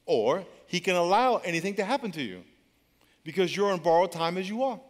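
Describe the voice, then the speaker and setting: A male pastor with a high voice and lively intonation preaches fairly quickly, repeating himself emphatically and trading call-and-response with his congregation. He's in a large church auditorium, and long church hall reverb colors the recording.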